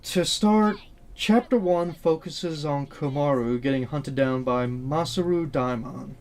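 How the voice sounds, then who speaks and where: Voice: medium pitch, unhurried, a little mellow. A channel host giving candid, earnest commentary on a video game, blunt and swearing casually.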